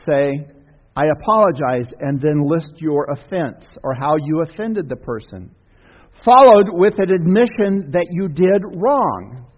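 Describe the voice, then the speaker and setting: A pastor with a fairly high voice and lively intonation preaches a little slowly, folksy and conversational, adding asides and questions to the congregation. The setting is a church sanctuary; the recording is dull with long reverb.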